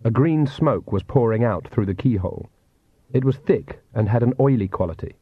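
A man's voice: medium pitch, expressive, moderate pace, breathy edge, no room sound. Man reading a story over a tinny line. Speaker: audiobook narrator. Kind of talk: scripted narration. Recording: tinny phone-like dry recording.

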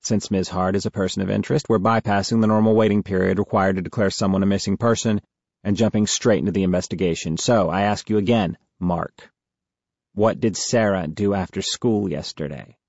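A man's voice: lowish voice, brisk, gravelly, a little mellow, no echo, dull audio. A man voicing a cool, steely female federal agent in an audiobook, speaking in a clipped, official way.

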